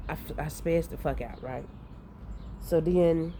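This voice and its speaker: A woman, telling a dream in a rambling, profane, animated way. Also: sits low, unhurried, slight background noise. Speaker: vlogger recounting a dream. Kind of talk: casual storytelling.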